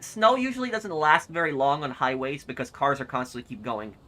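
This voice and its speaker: A man's voice: mid-range voice, a little fast, bright, forceful tone. A young American man streaming a game live, reading chat and thinking aloud with hesitant, repeated starts. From United States.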